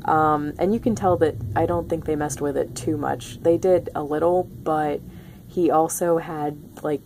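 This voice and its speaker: Young adult woman, low voice with vocal fry, chatty film-review vlogger, gushing with lots of ums. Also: a little mellow, a little hiss or hum. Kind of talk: casual spoiler-free film review.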